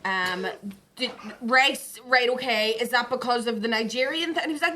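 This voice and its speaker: A woman's voice: on the high side, moderate pace, sharp tone. A woman, hosting a casual podcast chat and telling stories with plenty of swearing. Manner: swearing, storytelling, laughs often. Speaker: podcast host.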